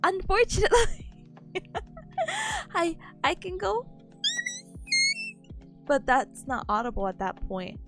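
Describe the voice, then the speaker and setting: Young female streamer, high and lively, giggly, slightly nasal and worn, faint music underneath. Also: takes it slowly, long pauses. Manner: bubbly, giggly, greets chat warmly. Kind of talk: casual live-stream chat.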